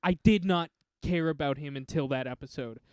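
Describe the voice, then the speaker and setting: Animated young man chatting, higher voice. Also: moderate pace, clear, resonant tone, dry recording, studio quality. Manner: animated, laughs often, breaks into impressions. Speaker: podcast co-host. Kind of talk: casual chat.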